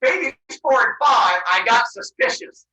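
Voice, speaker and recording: A man voicing an indignant, fed-up goddess wife in a raised, shrill voice. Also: expressive, moderate pace, pushed and bright, reverberant, far from the mic, heavily acted, poor audio. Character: exasperated young mother goddess, fed up wife.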